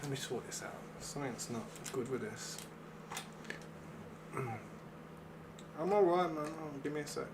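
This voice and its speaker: Chatty gaming streamer. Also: male voice, a little high, expressive, measured pace, pauses often, very noisy. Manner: rambling, slangy, calls viewers man. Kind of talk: casual live-stream chat. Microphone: desk microphone.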